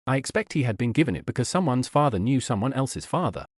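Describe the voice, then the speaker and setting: Male audiobook narrator, animated delivery, dry booth sound. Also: medium pitch, quick pace, no room sound. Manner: lively, animated reading with voiced characters. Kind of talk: scripted narration.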